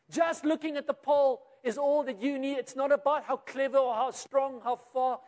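A man with a South African accent preaching a sermon, telling a story and acting out the quoted voices, rising and then dropping to a quiet close. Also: extremely high pitch, moderate pace, few pauses. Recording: long reverb of a large hall.

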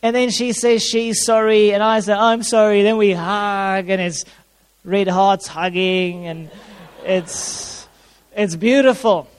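A man preaches in a high, light voice, driving his points home by repeating them. His words ring out with a long echo, as if he stands in a big hall. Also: fairly even intonation, slow pace, smooth. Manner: repeats key phrases for emphasis, uses props. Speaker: pastor. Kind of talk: sermon.

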